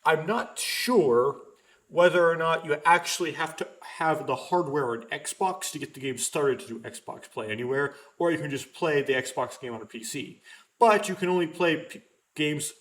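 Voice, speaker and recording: A young man with a somewhat high voice talks his way through a let's play in a loose, rambling way. He stops and corrects himself often, with frequent ums between thoughts. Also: normal speed, a bit bright. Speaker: let's player. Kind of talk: casual gameplay commentary.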